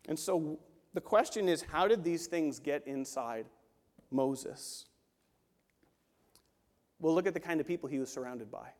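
High-voiced preaching man in a reverberant hall. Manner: animated, acts out quoted voices. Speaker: pastor. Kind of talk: sermon.

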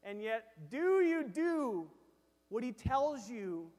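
A man preaching a sermon as a pastor, animated, acting out quoted voices and dropping from loud to hushed. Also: very high-pitched, slow, long reverb tail.

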